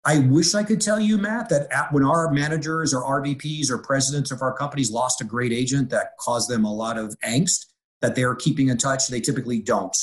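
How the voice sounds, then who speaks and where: An energetic middle-aged man in a conversational interview. He talks as a real estate executive and slips into little acted-out bits of dialogue, with a normal pitch for a man. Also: a little fast. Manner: energetic, acts out quoted dialogue.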